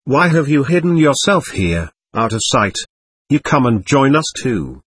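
A man reading the part of a gentle, joyful old male monk elder, speaking softly and tenderly. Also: mid-range voice, very animated, measured pace, breathy edge, no echo, studio quality, heavily acted. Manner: soft, tender, warm-hearted speech.

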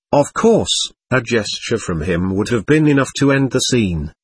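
Male narrator for a classic novel, husky voice, lively pitch, dry close sound. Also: no room sound. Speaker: audiobook reader. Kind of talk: scripted narration.

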